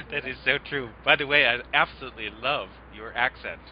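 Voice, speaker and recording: A man's voice: medium pitch, slight background noise. A man hosting a podcast interview, talking in a campy, flirtatious, teasing way. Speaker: podcast host. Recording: muffled lo-fi audio, faint music.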